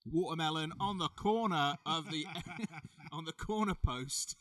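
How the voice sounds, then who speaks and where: A man's voice: fairly high pitch, unhurried, a bit bright, far from the mic. A man co-hosting a podcast in casual, teasing banter, laughing often. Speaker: podcast co-host, wrestler.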